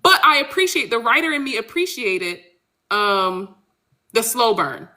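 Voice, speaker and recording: A woman author in casual podcast chat, animated and blunt, speaking. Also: on the high side, a little slow. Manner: animated, blunt, swears freely. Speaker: author guest.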